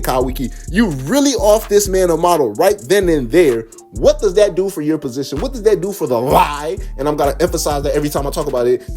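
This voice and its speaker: A man's voice: a little high, a little mellow. A man giving casual, slangy reaction commentary on manga spoilers and talking straight to his chat. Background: faint background music.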